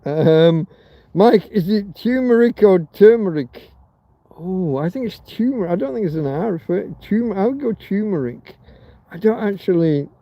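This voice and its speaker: A man's voice: sits high, lively intonation, moderate pace, mellow, no room sound. A man from Britain hosting a rambling livestream chat, crude and joking, swearing freely. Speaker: livestream host. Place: outdoors in a field in Spain.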